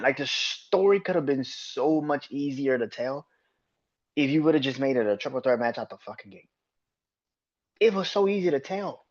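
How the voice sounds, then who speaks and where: A man's voice: mid-range voice, lively intonation, normal speed. Male podcast host, mid-range voice, profane exasperated ranting, slightly muffled lo-fi recording. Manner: ranting, heavy swearing; exasperated rhetorical questions. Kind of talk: solo wrestling commentary podcast.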